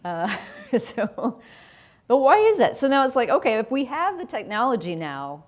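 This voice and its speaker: A middle-aged woman giving a conversational conference talk on a stage microphone, chatty and quick to laugh. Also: on the high side, very animated. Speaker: conference speaker. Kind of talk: conference presentation.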